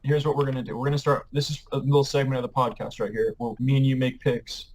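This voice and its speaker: A man's voice: medium pitch, little pitch movement, fast, darkish tone, a little hiss or hum, low-quality recording. Brash, cursing man trash-talking. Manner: brash, profane trash talk; stumbles over words. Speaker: podcast co-host. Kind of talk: casual sports banter.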